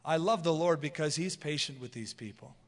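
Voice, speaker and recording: A man preaching an expository sermon as pastor, earnest and emphatic, slowing down to read scripture. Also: a little high, long reverb tail.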